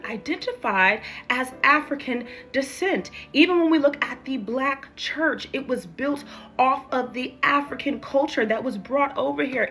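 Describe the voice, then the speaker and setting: Bright high-voiced woman making her case. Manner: earnest, argumentative. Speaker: social media commenter. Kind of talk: persuasive casual monologue.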